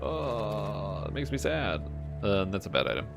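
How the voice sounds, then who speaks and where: Low-voiced streamer rambling over music. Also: male voice, very animated, normal speed, vocal fry. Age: 20s. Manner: rambling, swearing, talks to himself and chat. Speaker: game streamer. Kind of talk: casual gaming commentary. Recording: music playing behind.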